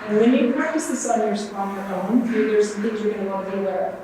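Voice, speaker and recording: Woman presenter, gentle unhurried delivery, heavy room echo, faint ambience. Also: medium pitch, distant mic, noisy background. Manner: gentle, unhurried, with fillers and restarts. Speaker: conference presenter. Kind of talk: workshop talk on self-compassion. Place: large conference room.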